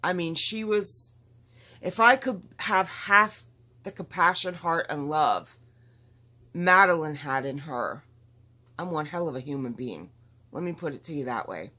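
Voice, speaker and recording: A woman with a somewhat low voice chats casually to her viewers from home. She talks in an emphatic, outspoken way and rambles from one point to the next. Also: lively intonation, unhurried, pushed and bright. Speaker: vlogger. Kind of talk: casual chat to camera. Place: at home with dogs nearby.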